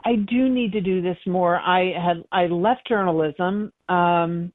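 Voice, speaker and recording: A middle-aged woman, a psychic medium, telling stories in an interview, animated and acting out quoted voices with frequent laughs. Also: fairly low pitch, slow, dry recording. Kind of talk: emotional interview storytelling. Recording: tinny phone line.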